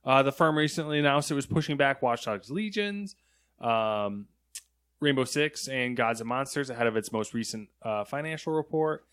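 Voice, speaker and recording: A man's voice: mid-range voice, expressive, moderate pace, a bit bright, clean tone, no room sound, clean studio sound. A man co-hosting a gaming news show, reading stories and trading easygoing banter.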